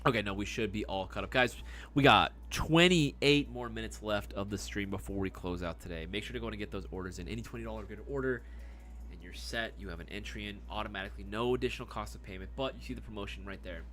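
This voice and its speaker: A young man hosting a live stream, chatting casually and reacting loudly to chat messages. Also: on the low side, quick pace. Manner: laid-back, chummy, calls people dog and brother.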